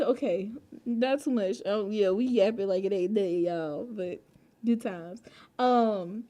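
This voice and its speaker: A woman streaming a game from home, chatting casually with her viewers in an animated, slangy way. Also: fairly high pitch. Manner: animated, slangy, bursts into laughter.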